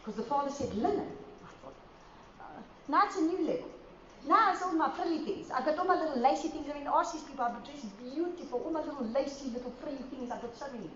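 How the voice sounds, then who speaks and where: A woman preaching at a conference, lively and storytelling, with acted asides. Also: sits high, fast, slight background noise. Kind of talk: conference sermon. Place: conference hall. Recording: roomy hall sound, dull audio.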